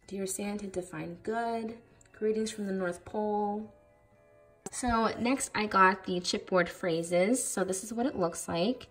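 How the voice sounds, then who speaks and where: A young woman, a craft vlogger, shows off her craft supplies in a casual haul video, gushing enthusiastically over every item. She uses lots of fillers. Her voice is mid-range and a little slow.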